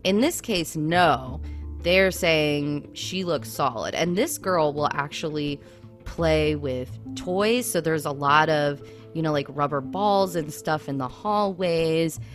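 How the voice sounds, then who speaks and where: A woman's voice: low-pitched, slow pace, faint music behind. A woman co-hosting a casual chat, telling a spooky travel story with lots of "I mean" and "like". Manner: animated, lots of fillers like "I mean". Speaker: podcast co-host.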